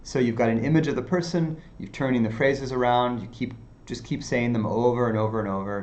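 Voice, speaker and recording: A male meditation teacher giving an unhurried dharma talk, with many fillers and softly repeated phrases. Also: medium pitch, steady tone, lo-fi sound.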